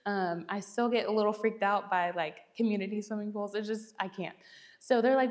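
A woman's voice: medium pitch, fairly even intonation, normal speed. Chatty young woman teaching. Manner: chatty, laughs often, self-deprecating. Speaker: church speaker. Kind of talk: casual Bible teaching talk.

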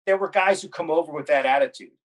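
A middle-aged man, a pilot guest on a podcast, telling lively stories in casual chat and laughing at his own tales. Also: on the high side, fast, noisy background.

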